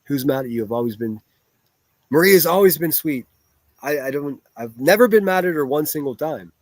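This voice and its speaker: A man's voice: fairly high pitch, lively intonation, moderate pace, a little mellow, no room sound. A man hosting a live stream and answering his chat in a blunt, profane, rambling way, with frequent restarts. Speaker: livestreamer reading chat.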